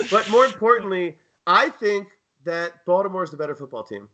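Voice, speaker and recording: A man's voice: high-pitched, lively intonation, a little fast, bright, forceful tone, lo-fi sound, a little hiss or hum. A man co-hosting a casual sports betting chat, riffing with sarcastic jokes. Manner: joking, sarcastic riffs. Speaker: co-host.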